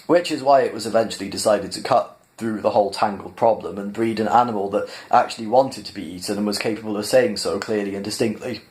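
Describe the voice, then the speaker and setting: A man reading a novel aloud in a measured, plain narrating style. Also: lowish voice, a little mellow. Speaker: reader. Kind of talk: audiobook-style storybook reading.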